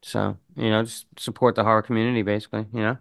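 A man co-hosting a podcast, talking in a friendly way with many fillers as he gives shout-outs. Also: lowish voice, flat delivery, very fast, gravelly, dry recording, clean studio sound. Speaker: podcast co-host. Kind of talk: casual podcast chat.

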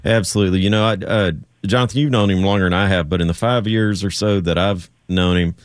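A man co-hosting a motorsport radio show in an easygoing, measured way. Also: deep voice, steady tone, no room sound, clean studio sound. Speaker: co-host. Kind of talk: casual radio talk.

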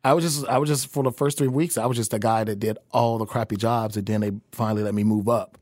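A man's voice: fairly low pitch, fairly even intonation, fast, a little mellow, no echo, studio quality. American man telling a rambling story. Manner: rambling, full of restarts and fillers. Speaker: chef, podcast guest. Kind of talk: casual storytelling in conversation. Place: podcast studio.

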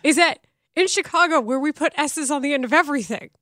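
A woman from Texas co-hosting a sports podcast in casual banter, animated and wry. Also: high-pitched, fast, no echo, studio quality. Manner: animated, wry, laughing often. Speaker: podcast co-host.

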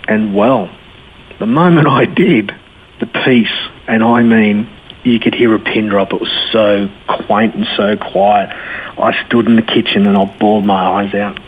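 A man's voice: fairly low pitch, husky. Australian man on a tinny phone line. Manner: candid and colloquial, animated when retelling dialogue. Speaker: interview guest. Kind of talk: personal testimony in a radio interview.

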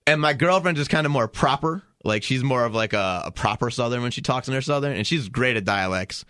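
A man's voice: medium pitch, a little fast, pushed and bright, no room sound, studio quality. A man on a podcast casually telling a long anecdote, full of fillers and asides. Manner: rambling anecdote with many fillers. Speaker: podcast guest, producer. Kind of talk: casual chat, storytelling.

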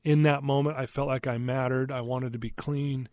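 A man's voice: medium pitch, fairly even intonation, normal speed, darkish tone, no room sound. A man earnestly telling a personal story as a podcast guest, candid and loose, with frequent fillers.

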